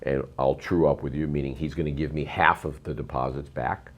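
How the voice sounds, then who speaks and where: Middle-aged man, very low voice, emphatic rambling storyteller. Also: steady tone, a little fast. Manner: rambling, emphatic, frequent ums and uhs. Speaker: real estate investor, guest. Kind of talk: storytelling interview.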